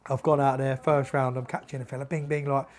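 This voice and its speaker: A man, a former boxer chatting as a podcast guest, telling lively anecdotes, acting out what others said and swearing casually. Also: mid-range voice, fast talker. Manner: animated anecdotes, acts out quoted dialogue, swears freely. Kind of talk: casual storytelling chat.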